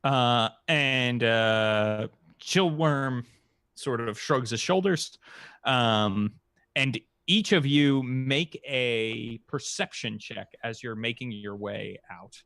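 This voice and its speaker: A man running a tabletop game as game master, narrating in a relaxed, halting way with many fillers. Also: mid-range voice, smooth, no room sound, clean studio sound. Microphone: podcast mic.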